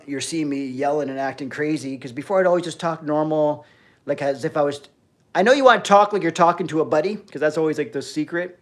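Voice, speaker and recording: A man on a fitness livestream, ranting about discipline and swearing freely, swinging between loud emphasis and low-key talk. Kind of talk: ranting motivational live chat.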